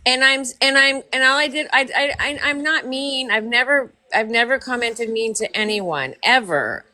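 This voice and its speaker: A woman chats in a casual group conversation, gossipy and quick to laugh. Her voice sits a little high and sounds bright and forceful. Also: animated. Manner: chatty, gossipy, laughs often.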